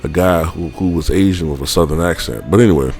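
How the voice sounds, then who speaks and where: A man's voice: a bass voice, a little fast, darkish tone, soft background music. A man vlogger telling a personal story in a rambling, casual way, full of fillers and offhand swearing.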